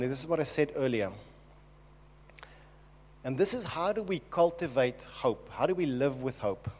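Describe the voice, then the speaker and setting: A man's voice: a little high, darkish tone. A man preaching a sermon, earnest and emphatic, speaking directly to his congregation. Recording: long hall reverb.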